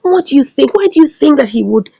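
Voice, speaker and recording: A woman's voice: sits high, expressive, fast talker, vocal fry, warm tone, dry recording, muffled recording, voice pushed up. A woman voicing a dismissive male police officer brushing off a complaint.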